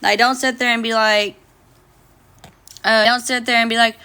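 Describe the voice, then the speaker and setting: Livestreaming casually from her phone, a young woman reads viewer comments aloud and talks back bluntly, swearing plenty. Her fairly high voice is pushed and bright, with fairly even intonation and a brisk pace broken by frequent pauses.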